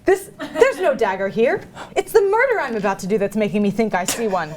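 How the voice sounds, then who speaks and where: A woman's voice: on the high side, animated, a little fast, a little mellow, close to an everyday voice. A woman reading the part of a guilt-ridden male nobleman about to murder a king, in a comic table reading, stumbling now and then over the words. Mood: brooding. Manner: reads a plain modern paraphrase aloud, stumbling over words.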